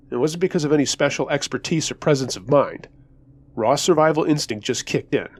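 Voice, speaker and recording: A man's voice: mid-range voice, darkish tone. Man narrating a tense true story. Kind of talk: first-person scary story narration.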